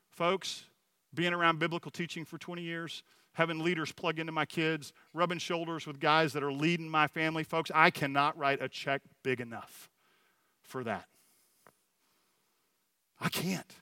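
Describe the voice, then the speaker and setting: Delivering a Sunday sermon, this middle-aged man speaks earnestly and personally, with stories full of restarts. His voice runs on the high side with a sharp edge, and the recording is dry.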